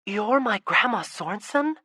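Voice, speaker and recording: A woman's voice: medium pitch, lively intonation, unhurried, sharp tone, breathy edge, no room sound, studio quality, voice pushed up, exaggerated voice. A woman voicing a careful, questioning girl who is the earnest older sister in a storybook. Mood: inquisitive.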